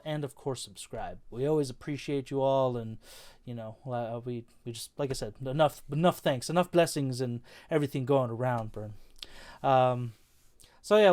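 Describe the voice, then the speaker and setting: Casual young male film reviewer, smooth and resonant, mid-pitched, rambling and friendly. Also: a little mellow. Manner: loose, chatty, many fillers and restarts.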